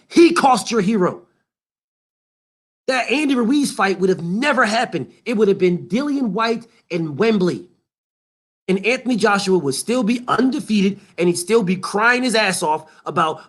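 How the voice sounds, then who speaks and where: A man's voice: sits high, animated, normal speed, a bit bright. A man hosting a boxing show, ranting in a heated, emphatic and profane way and repeating his points. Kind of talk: boxing commentary rant.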